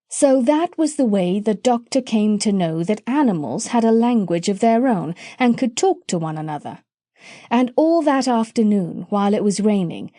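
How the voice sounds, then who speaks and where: Woman reading a kids' audiobook, lively up-and-down voice, mellow tone, dry close sound. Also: medium pitch, dry recording. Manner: expressive, storytelling. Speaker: audiobook narrator. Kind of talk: storybook narration.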